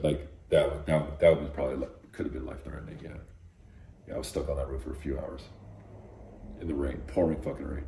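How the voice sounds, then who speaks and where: Casting note: deep-voiced male guest, casual and profane, lots of "like", echoey room. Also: mellow. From Los Angeles. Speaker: graffiti artist guest. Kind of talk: casual storytelling interview.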